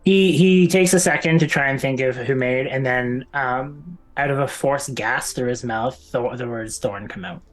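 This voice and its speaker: A man's voice: mid-range voice, normal speed, few pauses, a crowd in the background. A man playing a tabletop game, describing his character's thoughts in a rambling, hesitant way. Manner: rambling, hesitant, many restarts. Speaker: player.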